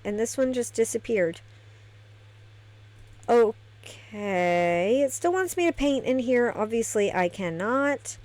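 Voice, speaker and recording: A woman's voice: on the high side, expressive, slow, darkish tone. A woman giving casual gameplay commentary, chatty and thinking aloud as she decorates a virtual house. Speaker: gameplay streamer.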